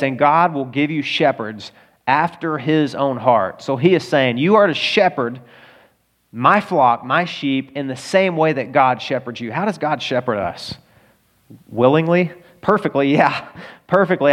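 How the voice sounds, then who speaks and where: A male pastor preaching a conversational sermon, earnest and full of rhetorical questions. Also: mid-range voice.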